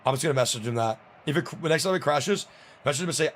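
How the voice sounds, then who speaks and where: A man's voice: a little high, animated, fast talker, fairly bright tone. Young man, game streamer, fed-up rant, curses often, faint background hum. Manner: ranting, frustrated, swears a lot. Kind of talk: live gameplay stream chat.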